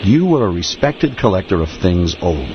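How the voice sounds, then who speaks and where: A man plays a very deep-voiced, deadpan detective with a Brooklyn accent, clipped and formal, ending lines with "sir" in a comedy radio play. His pitch still moves in lively swings. The recording sounds slightly dull with faint hiss. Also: moderate pace. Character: deadpan male noir detective who does voiceovers.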